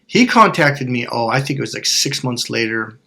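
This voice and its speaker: Gravelly and sharp in tone, a medium-pitched male voice comes across animated at a normal speed. He's a life coach and hypnotherapist telling a candid, wandering story, catching himself mid-thought and saying sorry whenever he curses.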